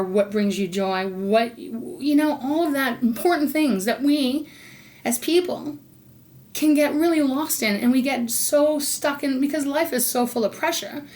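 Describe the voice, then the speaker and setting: A woman doing an intuitive tarot reading, talking in a loose, rambling way and pausing to ask her spirit guides. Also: a little high. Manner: rambling, warm-hearted, talks to spirit guides between cards. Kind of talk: casual spoken tarot reading.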